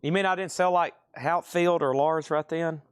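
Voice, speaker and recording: A man hosting a live record sale stream, briskly rattling off prices and bidder names. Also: on the high side, steady tone, clean tone, no room sound, clean studio sound. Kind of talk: live sales stream, calling bids.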